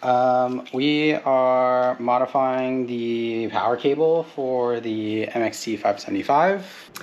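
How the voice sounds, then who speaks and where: A man's voice: mid-range voice, slow, a little mellow, muffled recording. A man in a casual how-to vlog, explaining step by step with fillers while working on a truck in a driveway outdoors.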